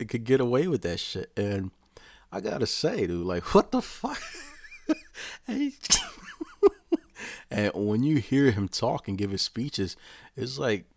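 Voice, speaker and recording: A man with a very low voice delivers a rambling, profanity-heavy rant, speaking casually to his own channel. He restarts his sentences often and swears constantly. The sound is dry and close, with no room echo. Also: sing-song, slow pace, pauses often. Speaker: vlogger.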